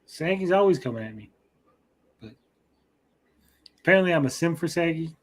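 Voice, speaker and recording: A man's voice: fairly high pitch, expressive, moderate pace. A man hosting a casual livestream, reading chat messages aloud in a blunt, joking way and swearing freely. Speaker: show host reading chat.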